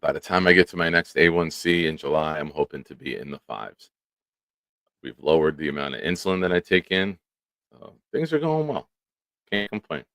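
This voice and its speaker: A man hosting a casual live stream, animated and chatting with viewers by name. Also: very deep voice, a little fast, dry recording. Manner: animated, talks to chat by name. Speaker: show host. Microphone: studio microphone.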